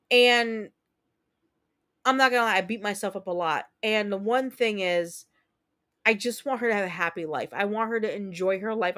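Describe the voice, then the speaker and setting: A woman's voice: mid-range voice, fairly bright tone. Candid, emotional woman streamer. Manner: candid, emotional, repetitive storytelling with mild swearing. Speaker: streamer host. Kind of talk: casual livestream chat.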